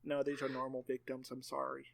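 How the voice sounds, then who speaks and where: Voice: mid-range voice, completely flat delivery, a little fast, creaky. A podcast co-host trading sarcastic quips in casual chat.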